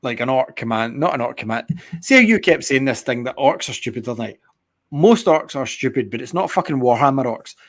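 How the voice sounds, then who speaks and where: Brief: male co-host, casual, profane and rambling, animated game chat. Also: mid-range voice, fairly quick. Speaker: podcast co-host. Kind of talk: casual chat about video games.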